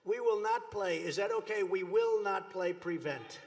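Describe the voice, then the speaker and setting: A man's voice: sits high, moderate pace. An American man in his seventies, giving a rambling, boastful and mocking speech at a political rally in a large venue. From United States. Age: 70s. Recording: long reverb of a big rally hall.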